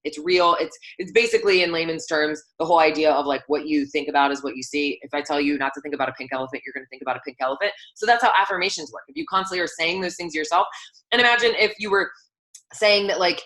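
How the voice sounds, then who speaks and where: A woman's voice: sits low, fast talker, a bit bright. A young woman coaching her team on a call, talking in a chatty, upbeat way with lots of "like" and "um". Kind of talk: motivational team call talk.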